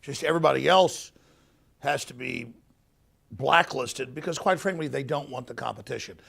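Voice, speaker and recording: Male studio host, gravelly voice, emphatic and punchy delivery. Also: mid-range voice, moderate pace. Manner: emphatic, punchy delivery, rising to near-shouts. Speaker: show host. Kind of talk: studio interview conversation. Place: broadcast studio.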